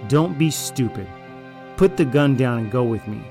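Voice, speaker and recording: In an audio drama, a man plays a smug, deceitful raider who starts out falsely friendly, then turns arrogant and threatening, manipulative and menacing throughout. His mid-range voice is animated, with vocal fry and a dark tone, at a moderate pace over soft background music.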